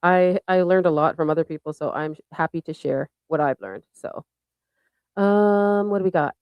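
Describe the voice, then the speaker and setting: Low-voiced woman hosting a livestream. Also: normal speed, smooth, no echo, dull audio. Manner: bubbly, thanks viewers by name. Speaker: show host. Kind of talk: casual livestream chat.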